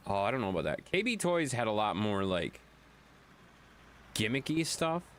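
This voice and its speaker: A man's voice: lowish voice, very animated, moderate pace, slight background noise. A man streaming a game, chatting loosely with viewers, swearing and laughing often. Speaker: gaming streamer. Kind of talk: casual chat while playing.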